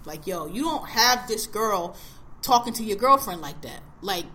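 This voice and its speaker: A woman's voice: medium pitch, expressive, normal speed, bright, forceful tone. A woman in her forties hosting a podcast, ranting bluntly and with heavy profanity in casual chat. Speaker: podcast host.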